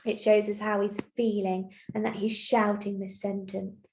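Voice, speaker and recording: A woman teacher giving a recorded lesson to young children, explaining clearly and patiently step by step. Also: mid-range voice, flat delivery, a little slow, a little mellow, a little hiss or hum. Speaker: primary school teacher. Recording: roomy echo.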